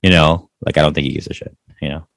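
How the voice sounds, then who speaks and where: A man's voice: extremely low pitch, fairly even intonation, fast talker, creaky, dry recording. A man co-hosting a podcast, chatting casually about movies, laid-back, swearing easily and trailing off with fillers. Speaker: podcast co-host. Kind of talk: casual movie review chat.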